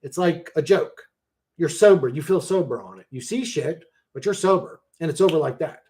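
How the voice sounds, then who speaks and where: A man's voice: a little high, lively intonation, normal speed, a little mellow. A man hosting a casual livestream, reading chat and answering bluntly with lots of swearing and "bro.".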